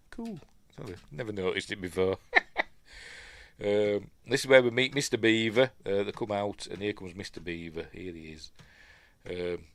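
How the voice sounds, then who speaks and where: A man's voice: low voice, a bit bright, dry recording. A man with a Yorkshire accent hosting a casual, rambling film breakdown, often stopping to correct himself. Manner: rambling, self-correcting, chatty with fillers. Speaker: film reviewer host.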